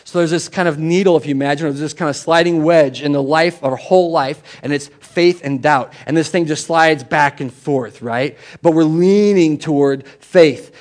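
Guy pastor preaching in church, chatty, goes from punchy to hushed, slightly high voice. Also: normal speed, few pauses. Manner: conversational, swings between emphatic and hushed. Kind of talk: sermon. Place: church service.

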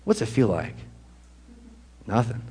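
A man preaching a sermon. His tone is conversational and animated, with asides, questions to the congregation and short laughs. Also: fairly low pitch, slow pace, breathy edge. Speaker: pastor.

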